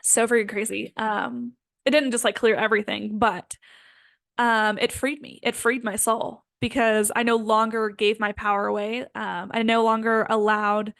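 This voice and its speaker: A woman's voice: on the high side, level tone, moderate pace, vocal fry, fairly bright tone, no echo. A woman in her twenties giving a casual, earnest spiritual self-help talk, full of "like" and "um". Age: 20s. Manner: earnest, filler-heavy with frequent "like" and "um". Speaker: spiritual healing coach.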